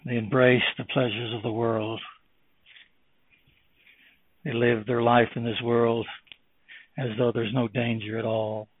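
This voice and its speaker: A man preaching a sermon, moving from slow, hushed words to loud, fervent exhortation. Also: medium pitch, level tone, dry recording. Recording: tinny phone-like, dry.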